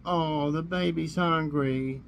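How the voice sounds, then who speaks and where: A man from Tennessee hosting a casual trivia vlog, a little hoarse, easygoing and chuckling to himself. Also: fairly high pitch, fairly even intonation, slow pace, a little hiss or hum, low-quality recording. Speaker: vlog host. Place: warm room indoors.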